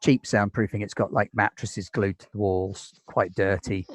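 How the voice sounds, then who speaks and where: A British man runs a tabletop game, laying out scenes in an easygoing, descriptive way and filling gaps with ums. His voice sits on the low side and is recorded dry and close, with no room around it. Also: fairly even intonation, moderate pace, no room sound, low-quality recording. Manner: easygoing, descriptive, with many fillers. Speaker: game master.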